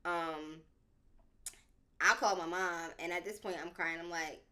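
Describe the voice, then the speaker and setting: A young woman tells a personal story on a podcast in a casual, animated way, with a lot of slang. Her voice sits a little low but has a bright, forceful edge. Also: a little slow, pauses often. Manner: animated and dramatic, slangy, lots of "like". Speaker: podcast speaker.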